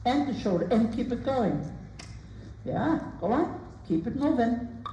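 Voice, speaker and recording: A woman coaching a rider in an arena, calling out short, brisk commands and counting strides. Her voice is mellow and rises and falls a lot. It sounds roomy and far from the mic, with faint ambience behind her. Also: a little high, lively intonation, a little hiss or hum. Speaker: riding instructor. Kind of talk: live coaching during a riding lesson. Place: riding arena.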